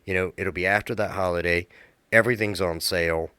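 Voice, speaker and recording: A man's voice: deep voice, fairly even intonation, sharp tone, clean tone, no room sound. A man from the United States, a podcast co-host chatting casually in an easygoing way. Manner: easygoing, quick to agree and joke. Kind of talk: casual chat.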